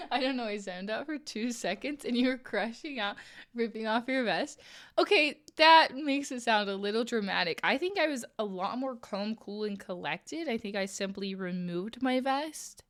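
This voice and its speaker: A woman streamer chatting casually with her viewers while crocheting, playful and quick to laugh. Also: fairly high pitch, lively intonation, fairly bright tone. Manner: playful, laughs often, reads chat aloud.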